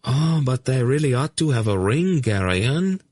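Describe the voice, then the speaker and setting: A man's voice: mid-range voice, sing-song, a little slow, a little mellow, dry recording, clean studio sound, voice pushed up. A man voicing a flustered young nobleman who speaks hesitantly and defensively.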